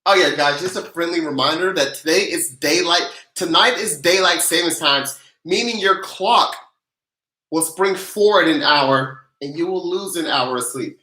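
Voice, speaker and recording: An energetic livestream host who recaps tax and stimulus news, greets viewers by name and leads playful chants and countdowns in casual slang. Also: medium pitch, moderate pace, reverberant, rough recording.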